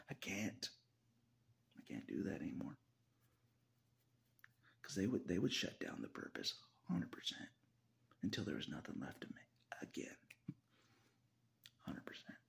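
Male vlogger: very low, gravelly voice, wildly swinging pitch, frequent laughs and whispered asides. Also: wildly swooping pitch, measured pace, long pauses, fairly bright tone. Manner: laughs often between phrases, swears, drops into whispers. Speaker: video blogger. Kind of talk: casual confessional monologue.

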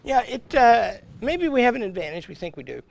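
A man's voice: extremely high pitch, big pitch swings, fairly quick, vocal fry. An older man, a college president, chatting casually and telling stories, often acting out the voices in his anecdotes. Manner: rambling storyteller, chuckles, acts out quoted exchanges. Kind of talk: casual conversation on a livestream.

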